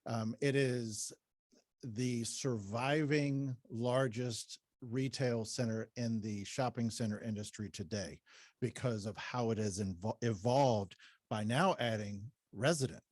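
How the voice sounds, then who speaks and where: A man guesting on a radio show, answering in a measured, fact-heavy way with some fillers. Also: medium pitch, darkish tone, no echo, clean studio sound. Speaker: radio guest, shopping center manager. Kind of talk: radio interview. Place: radio studio.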